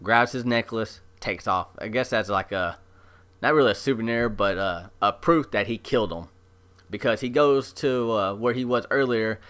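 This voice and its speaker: A man giving a casual, excited recap of an episode as an anime reviewer, chatty and full of fillers. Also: on the low side, normal speed, clear, resonant tone. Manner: chatty, animated retelling with many fillers.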